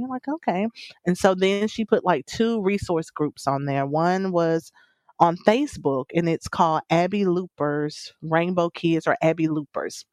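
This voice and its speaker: A woman's voice: lowish voice, moderate pace, no room sound. Woman earnestly recounting a personal story, dry sound. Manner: earnest, emotional retelling with many fillers and quoted dialogue. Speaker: guest sharing her birth story.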